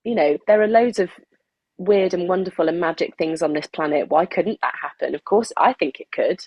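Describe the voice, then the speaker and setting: A woman's voice: lowish voice, normal speed, dry recording, dull audio. A woman actress, a guest on a podcast, chatting openly and enthusiastically with frequent laughter. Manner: open, enthusiastic, laughs often. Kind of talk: casual interview chat.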